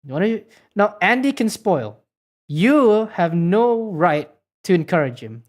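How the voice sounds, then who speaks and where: A woman's voice: lowish voice, big pitch swings, measured pace, a little mellow. A woman streamer chatting casually and teasing her chat while playing a game. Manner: teasing, joking with chat, laughing.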